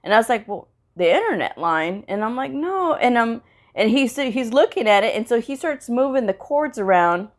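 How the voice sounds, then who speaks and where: A woman's voice: a little high, animated, normal speed. A woman who teaches medical coding, chatting casually in a vlog and telling a story about her workday, laughing often and acting out the dialogue. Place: at home after work.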